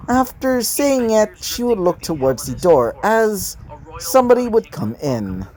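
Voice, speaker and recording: A man's voice: high-pitched, sing-song, measured pace, a little mellow. A man casually narrating his own fan fiction, rambling and often correcting himself mid-sentence. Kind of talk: casual fan story reading.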